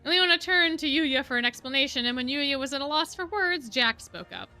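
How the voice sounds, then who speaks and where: Bright-voiced woman reading a story live. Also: high voice, brisk, faint music behind. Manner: lively, laughs at the text. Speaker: streamer reading aloud.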